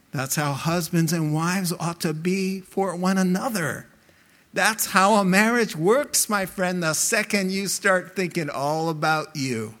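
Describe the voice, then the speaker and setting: A middle-aged male pastor preaching a sermon, telling stories in an animated, emphatic way. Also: high voice.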